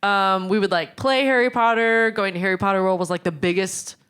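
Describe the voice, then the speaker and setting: A woman's voice: medium pitch, a little fast, a bit bright, clear, resonant tone. A young woman co-hosting a live podcast panel on stage, chatting in a bubbly way and laughing often. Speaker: podcast co-host. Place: live studio stage with audience.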